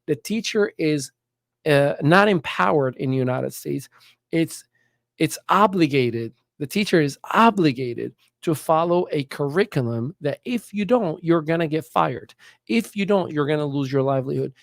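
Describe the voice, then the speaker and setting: Animated man telling stories. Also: a little high, normal speed, creaky, no echo, studio quality. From Morocco. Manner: animated, acts out quoted voices. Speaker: guest. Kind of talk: casual storytelling.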